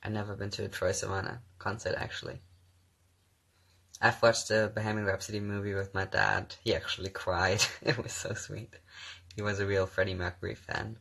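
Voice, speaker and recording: A man's voice: fairly low pitch, flat delivery, normal speed, gravelly, a bit bright. A young man answering viewer comments on a phone livestream in a casual, teasing, playful way, laughing often. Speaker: livestream host reading comments.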